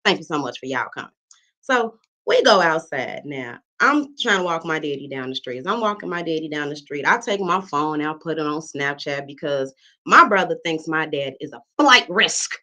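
A woman's voice: deep voice, normal speed, rough recording. A woman comedian, telling a story on stage, talking to the audience as y'all and acting out the people in it. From South Side of Chicago. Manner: animated, addresses the audience as y'all, acts out characters.

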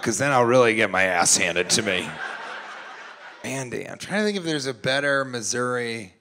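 A man's voice: fairly high pitch, sharp tone, slight background noise. A man doing crowd work in stand-up comedy at a club, brash and profane, teasing people in the audience and slipping into mocking voices of them. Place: comedy club stage before a live audience.

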